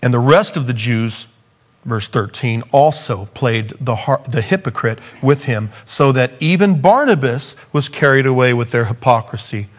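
A man preaching a sermon, acting out the scripture quotes and rising up in pitch for emphasis, then dropping low on key points. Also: animated, moderate pace.

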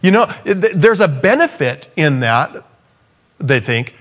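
Animated male preacher acting out scripture. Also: unhurried. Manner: animated, acts out quotes, swings pitch up for emphasis, drops low on key points. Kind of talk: sermon.

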